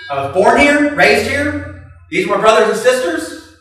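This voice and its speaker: A man's voice: very high voice, lively intonation, normal speed, fairly bright tone. Naive young male eagle raised among chickens, sheepish, voiced by a male preacher; far from the mic in a big room. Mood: insistent. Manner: sheepish, matter-of-fact, plaintive. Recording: echoey hall from far off, faint music.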